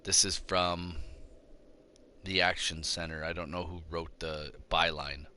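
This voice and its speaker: A middle-aged man hosts his own show and delivers a combative monologue straight into the mic. His voice sits very low, with a hard, sharp, tense edge. He lectures bluntly and preaches at his listeners. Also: fairly even intonation, measured pace, a little hiss or hum. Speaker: show host. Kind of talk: ranting opinion monologue.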